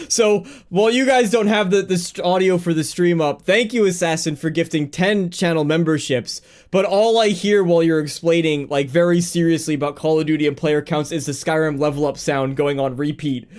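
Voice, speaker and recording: Male stream host, somewhat high voice, loose and chatty, quick to laugh, reads chat aloud between points. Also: a little mellow. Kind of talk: live-streamed gaming news chat.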